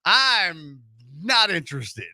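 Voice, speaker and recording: A man's voice: sits high, extremely slow, dry recording, studio quality. A man hosting a radio show, telling a story in casual chat and acting out the voices in it with jokes. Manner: animated, joking, acts out voices in his story. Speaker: radio host.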